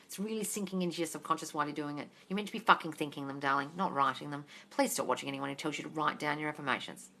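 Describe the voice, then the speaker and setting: A woman's voice: deep voice, steady tone, rapid-fire, hardly any pauses, bright, forceful tone. Blunt, sweary woman on a live stream. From Australia. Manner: blunt and sweary, reads out comments and answers them. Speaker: manifestation coach answering live questions. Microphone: phone.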